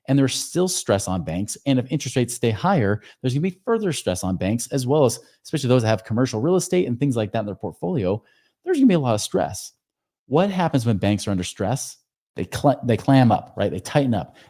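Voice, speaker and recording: A man's voice: mid-range voice, dark tone. A man hosting a finance podcast, walking through loan numbers in an emphatic, explanatory way. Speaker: podcast host, financial advisor.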